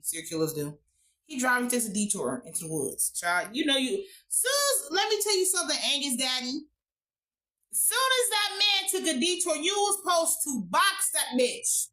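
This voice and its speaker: A woman recapping a TV episode in a casual vlog, animated, slangy and profane. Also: sits high, normal speed. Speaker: TV show reviewer.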